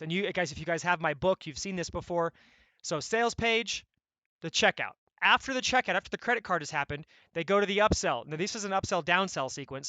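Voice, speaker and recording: A man coaching members on online sales funnels, talking in an energetic, blunt, conversational way and often checking in with "right?". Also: on the high side, no echo. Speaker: e-commerce coach.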